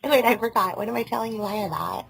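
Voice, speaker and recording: A woman's voice: fairly high pitch, lively intonation, quick pace, creaky, breathy edge. A woman on a phone call who rambles, loses her train of thought and laughs often. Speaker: caller.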